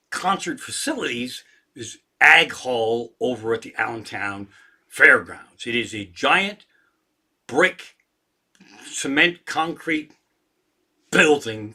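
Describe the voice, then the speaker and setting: A man's voice: medium pitch, pushed and bright. A man in his sixties, a comedian hosting a livestream, rants with heavy profanity and gets himself worked up. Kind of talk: profane ranting livestream chat.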